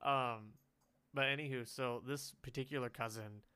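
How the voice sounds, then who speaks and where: Casual podcast co-host, male, smooth resonant voice, giggly rambler. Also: mid-range voice, fairly even intonation, moderate pace, bright, forceful tone. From California. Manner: giggly, rambling storyteller, laughs often.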